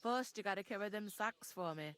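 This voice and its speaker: A woman's voice: mid-range voice, fairly quick, a crowd in the background, close to an everyday voice. A woman voicing a brusque, practical village tavern keeper in a game, with a Yorkshire accent and a blunt, gossipy, folksy manner. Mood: matter-of-fact.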